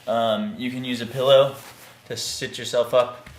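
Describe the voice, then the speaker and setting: Slow, calm man guiding a warm-up. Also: mid-range voice. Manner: slow, calm, soothing guidance with sighs. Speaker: theatre teaching artist. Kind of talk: guided vocal warm-up instruction. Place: indoor room, recording himself on camera. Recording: echoey room.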